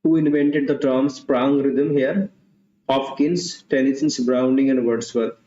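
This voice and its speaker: A man's voice: mid-range voice, fairly even intonation, unhurried, dark tone. A man teaching an online exam-prep literature class, repeating questions and options with Hindi asides. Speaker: English literature tutor. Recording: dull, roomy lo-fi sound.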